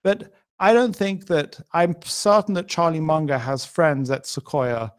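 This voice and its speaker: A man's voice: on the high side, animated, unhurried, smooth. A middle-aged man as a podcast guest, talking in a thoughtful, emphatic way and building his points with hypotheticals. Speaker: interview guest.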